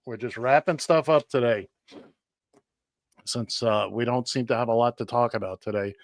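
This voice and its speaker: A man's voice: medium pitch, normal speed, dry recording. A man hosting a radio show, reading birthdays in a joking, rambling way with many fillers. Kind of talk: casual radio chat.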